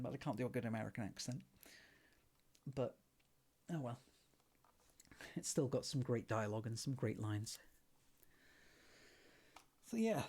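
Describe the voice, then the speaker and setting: A man reads a novel aloud in a soft ASMR style into a streaming mic. His breathy voice is relaxed and friendly, with a lively, moving pitch.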